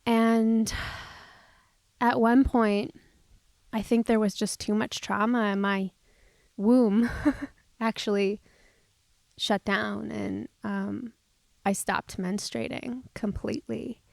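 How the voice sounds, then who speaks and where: Brief: woman podcast host, reflective storyteller, gravelly fry, dry close mic. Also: mid-range voice, fairly even intonation, slow pace, long pauses, dry recording. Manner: open and reflective, shifting between soft and emphatic. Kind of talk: candid personal storytelling.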